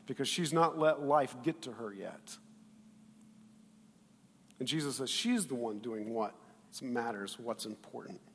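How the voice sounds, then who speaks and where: A man pastor preaching a sermon in an animated way, with loud bursts and quiet asides, acting out the quoted voices. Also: mid-range voice, measured pace, long pauses, breathy edge, big-room sound.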